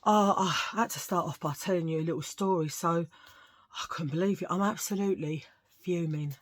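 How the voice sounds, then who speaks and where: A chatty woman with a Cockney accent tells jokey stories in a low-pitched voice, wandering off into asides. She talks casually to her viewers from home. The sound is dry and close, with no room echo. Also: moderate pace. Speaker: vlogger. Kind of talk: casual chat. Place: at home, sitting under a lamp.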